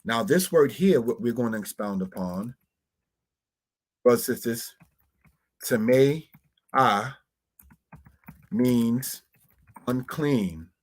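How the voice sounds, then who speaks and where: A man teaching Hebrew words from slides, slowly spelling out terms and often calling his listeners brothers and sisters. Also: mid-range voice, lively intonation. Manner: slow, deliberate spelling-out of words.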